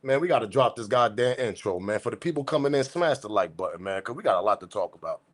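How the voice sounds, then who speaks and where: A man hosting a news commentary channel, ranting in a profane, slangy, repetitive way, swinging from muttering to shouting. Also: lowish voice, lively intonation, fast talker. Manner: profane, repetitive, slangy, keeps saying respectfully. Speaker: host.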